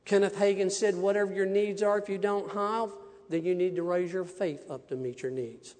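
A male minister preaching a testimony sermon, voicing each exchange with animation. His voice sits high for a man. The sound hangs in a long church reverb. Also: moderate pace. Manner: animated storyteller acting out dialogues. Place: church sanctuary.

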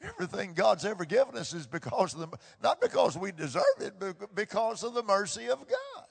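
A man preaching a sermon with impassioned delivery, swinging from hushed tones to loud bursts and repeating phrases for emphasis. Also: high voice, very animated, brisk, vocal fry, husky. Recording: long hall reverb.

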